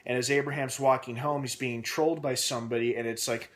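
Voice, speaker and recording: A man's voice: mid-range voice, fairly even intonation, fairly quick, hardly any pauses, fairly bright tone. A young man hosting a casual TV episode recap vlog. He rambles with a lot of "uh" fillers and restarts, and he asks himself questions aloud as he speculates. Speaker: TV episode reviewer and channel host.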